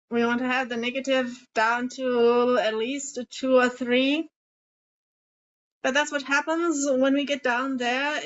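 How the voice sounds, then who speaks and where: A woman coaching a group through emotional tapping, guiding gently and voicing example feelings aloud. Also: on the high side. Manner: slow, soothing guidance with emotive example lines. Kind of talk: guided group coaching session. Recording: slightly dull lo-fi call audio.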